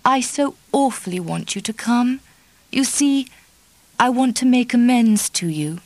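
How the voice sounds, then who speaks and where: A woman voicing a shy but earnest middle-aged woman, with a cool, deliberate and distinguished voice and an effusive, pleading manner. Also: medium pitch, expressive, dry recording.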